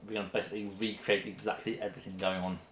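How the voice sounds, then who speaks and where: Halting man in an echoey room. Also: fairly low pitch, level tone, fairly bright tone. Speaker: co-host. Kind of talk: casual chat over a meal. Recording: roomy echo with faint noise.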